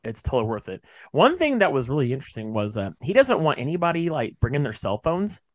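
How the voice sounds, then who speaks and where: A man's voice: mid-range voice, sing-song, fast, no room sound. A man in his late thirties hosting a podcast, chatting casually, rambling with lots of fillers and cheerful swearing. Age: late 30s. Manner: rambling, swears freely, many fillers and restarts. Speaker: podcast host. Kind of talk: casual chat.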